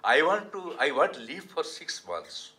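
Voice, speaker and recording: An older Indian man playing a calm minister. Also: on the high side, measured pace, full character voice. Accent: Indian English. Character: calm, wise old minister.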